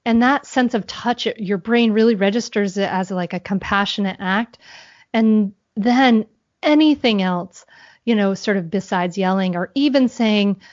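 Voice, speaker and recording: A woman's voice: medium pitch, unhurried, no echo. Woman, podcast guest, earnest, explanatory, dull lo-fi sound, dry. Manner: earnest, explanatory, thinks aloud. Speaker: guest, mindfulness mentor for parents. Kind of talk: podcast interview answers.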